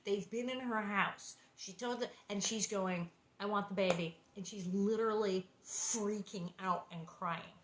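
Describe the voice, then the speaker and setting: Wry, animated woman in her sixties reading aloud. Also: mid-range voice, unhurried, few pauses, background noise. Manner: animated, wry, laughing asides. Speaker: reader and host. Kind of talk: storybook reading with chatty asides. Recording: roomy echo.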